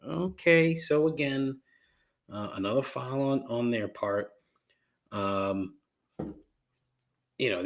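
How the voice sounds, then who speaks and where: A man hosting his podcast alone, ranting sarcastically with lots of swearing and rambling asides. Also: mid-range voice. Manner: sarcastic, profane, rambling with frequent fillers. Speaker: podcast host. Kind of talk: casual solo podcast rant.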